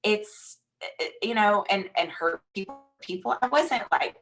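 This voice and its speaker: A woman in her thirties with a Southern drawl, telling an animated, chatty motivational story as a guest speaker. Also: mid-range voice, a little slow, soft background music, low-quality recording. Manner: animated, chatty, says "y'all" and "like" often.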